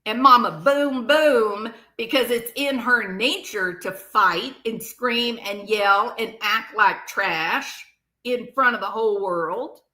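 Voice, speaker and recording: A woman giving casual true crime commentary, sarcastic and animated, acting out what others said. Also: on the high side, takes it slowly. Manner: animated, sarcastic, acts out quoted people.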